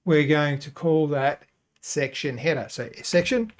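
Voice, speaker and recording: A man hosting a software tutorial, talking casually and thinking aloud as he works through each step. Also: on the high side, measured pace. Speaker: web design tutorial host. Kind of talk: screen-recorded software tutorial.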